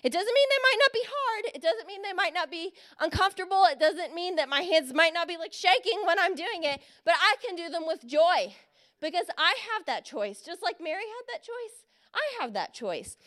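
A young woman preaching a sermon, earnest and encouraging, drawing out key phrases slowly. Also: extremely high pitch, animated, a bit bright. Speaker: speaker giving a Christmas message.

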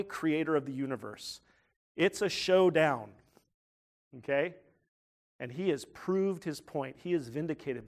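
A man preaching a sermon as pastor, animated, with rising bursts when he acts out a crowd. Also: on the high side.

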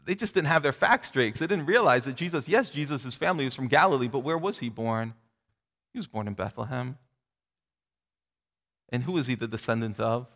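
A middle-aged man preaching a sermon, reading scripture aloud and voicing its speakers with lifted pitch. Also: animated, fairly quick, long pauses, fairly bright tone. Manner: expository preaching, acting out quoted voices with a rising pitch. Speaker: pastor. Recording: long reverb of a large hall.

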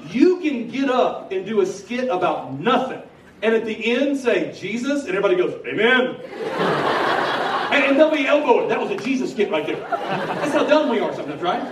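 Animated preacher in an echoey hall. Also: male voice, high-pitched. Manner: animated storyteller, swings from loud laughing bursts to hushed earnest telling. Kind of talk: comedic preaching story. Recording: echoey hall from far off, noisy.

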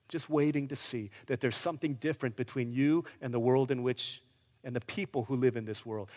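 A male pastor preaching a sermon, swinging between loud urgent bursts and hushed, quiet stretches. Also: medium pitch, normal speed, big-room sound.

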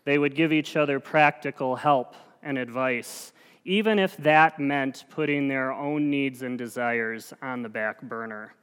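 A man's voice: mid-range voice, steady tone, a little slow, a bit bright, clear, resonant tone. Earnest man preaching in a reverberant church. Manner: earnest, self-deprecating and conversational. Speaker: lay preacher. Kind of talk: sermon. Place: church sanctuary.

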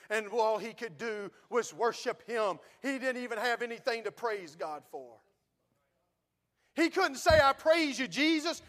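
A man's voice: high-pitched, a bit bright. A man preaching a sermon in a church, fervent and folksy. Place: church sanctuary.

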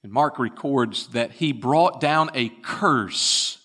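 A man preaching in a church, his voice bright and edged. He talks slowly and deliberately, telling scripture as drama and dropping to a hush for the weighty moments. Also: medium pitch, breathy edge. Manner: dramatic storytelling, retelling scripture with swings from loud to hushed. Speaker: pastor. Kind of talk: sermon.

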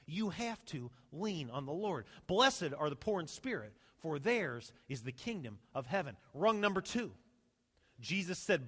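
A man preaching a sermon as pastor, animated, swinging between loud emphasis and soft, slow asides. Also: a little high, long reverb tail. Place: church sanctuary.

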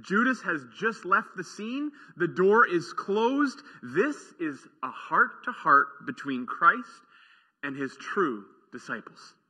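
Slow, earnest male preacher in a reverberant hall. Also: sits high, sing-song, pushed and bright, breathy edge. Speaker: pastor. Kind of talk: sermon.

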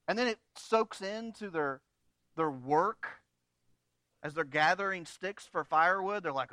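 A man preaching a sermon in a conversational, animated way, with humorous asides. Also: sits high, measured pace, no echo. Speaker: pastor.

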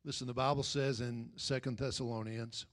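A man preaching a sermon, building to loud emphatic peaks and then dropping low and slow. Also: flat delivery.

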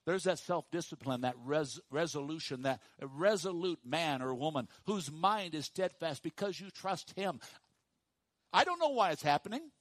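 A pastor preaching a sermon to his congregation, dropping to hushed, slow emphasis and rising to loud, high calls for the room to repeat after him. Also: expressive, no room sound. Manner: swings from hushed low emphasis to loud high call-and-response.

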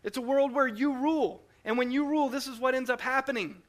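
A man voicing God as a gentle, patient creator, speaking earnestly in a sermon. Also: extremely high pitch, fairly even intonation, a little fast, pitched above the performer's own voice. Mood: earnest pleading.

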